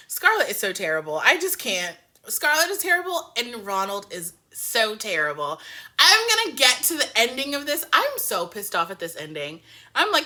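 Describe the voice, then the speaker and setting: Animated woman ranting in a bright voice. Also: on the high side. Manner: animated, profane, rambling rants. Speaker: TV show reviewer. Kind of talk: casual reaction review.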